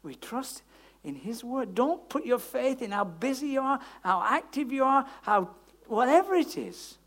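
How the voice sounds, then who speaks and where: A preacher delivering a sermon with a lively, swooping voice. The delivery is chatty and emphatic, with plenty of tag questions and asides to the congregation. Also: high voice, unhurried.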